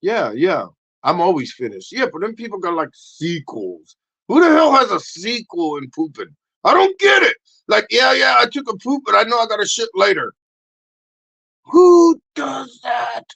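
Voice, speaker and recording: A man hosting a livestream, rambling through a crude comic rant, acting out little voices and bursting into shouts. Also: high voice, big pitch swings, normal speed, gravelly, poor audio. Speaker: livestream host.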